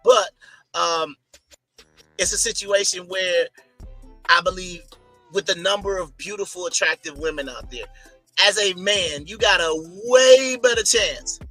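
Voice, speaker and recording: A man's voice: high-pitched, unhurried, pauses often, bright, forceful tone, soft background music. A man co-hosting a podcast in casual, slangy talk, tagging "man" onto his lines. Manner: laid-back, slangy, says "man" often. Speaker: podcast co-host.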